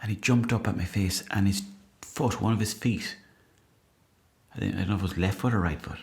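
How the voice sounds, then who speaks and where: An Irish man hosting a podcast, delivering a deadpan, profane comic monologue as he reads out listener messages and mocks them with put-on indignation. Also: lowish voice, a little fast, creaky. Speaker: podcast host.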